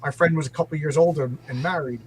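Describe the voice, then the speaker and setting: A middle-aged man from New York telling a story in loose conversation. He rambles, stacks up "like" and restarts, and his voice sits a touch high for a man, with faint ambience behind him. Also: quick pace, a little hiss or hum, rough recording.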